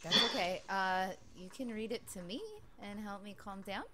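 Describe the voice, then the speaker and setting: A woman's voice: medium pitch, steady tone, moderate pace, very noisy. A woman streaming a horror game, talking nervously and swearing when scared. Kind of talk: live gaming stream chat.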